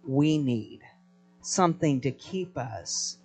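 A man preaching to a congregation in a church, his voice sitting at an ordinary middle pitch. He tells stories with plenty of energy and keeps calling the crowd to join in, while soft music hums faintly behind him. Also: slow pace, creaky, slightly rough. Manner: animated storytelling, prompting the crowd to respond. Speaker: pastor. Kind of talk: live sermon to a congregation.

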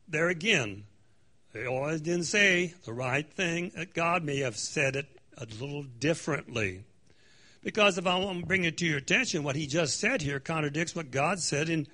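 A man's voice: on the high side, expressive, moderate pace, bright, forceful tone. A man leading a conversational Bible study in a church room, reading scripture dramatically and adding joking asides.

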